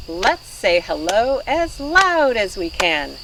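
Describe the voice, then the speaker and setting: A woman's voice: mid-range voice, big pitch swings, slow pace, noisy background. A woman leading a children's storytime with playful sing-song voice games, recorded outdoors on a farm. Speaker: children's librarian. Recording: distant outdoor recording with crickets.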